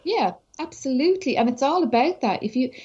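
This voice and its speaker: An Irish woman, a social media entrepreneur, chatting as a guest and telling animated anecdotes in a casual, talkative way. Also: high voice, brisk. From Ireland. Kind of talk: casual conversational storytelling. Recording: slightly dull lo-fi audio.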